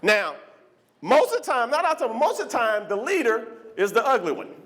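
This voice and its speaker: A male stand-up comic with an unusually high voice that swings wildly up and down. He works the club crowd loud and animated, breaking into shrill voices for the people in his stories. He talks into a handheld stage mic. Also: fairly quick. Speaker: stand-up comedian. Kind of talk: stand-up comedy set.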